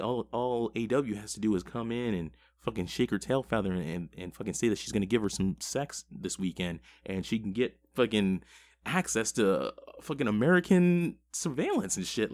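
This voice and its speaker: A man's voice: fairly low pitch, darkish tone. A man giving a casual, rambling episode recap of a TV show, swearing constantly. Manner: profane, rambling. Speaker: TV show reviewer.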